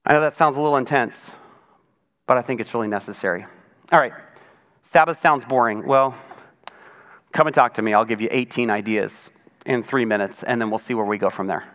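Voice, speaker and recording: A man's voice: medium pitch, brisk, long pauses, fairly bright tone, lo-fi sound. A man preaching a chatty, conversational sermon as pastor, often acting out other people's voices. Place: church sanctuary.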